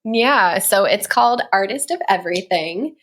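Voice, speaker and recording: A woman's voice: medium pitch, animated, moderate pace, a bit bright. Chatty laughing woman guest. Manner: chatty storyteller who laughs often. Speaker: guest, communication coach and musician. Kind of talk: casual interview chat.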